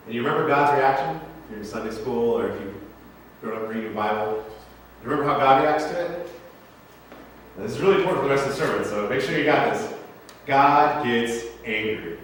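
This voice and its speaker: A male pastor preaches with a slightly fast, somewhat bright mid-range voice, keeping it conversational and full of jokes while often asking his congregation questions. It takes place in a church sanctuary. The sound is distant and echoey, as if from across the hall, with a bit of hiss or hum.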